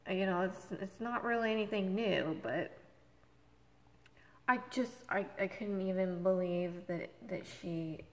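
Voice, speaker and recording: A woman's voice: medium pitch, measured pace, big-room sound. A woman vlogger ranting in exasperation, retelling a quarrel with acted quotes. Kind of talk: exasperated rant.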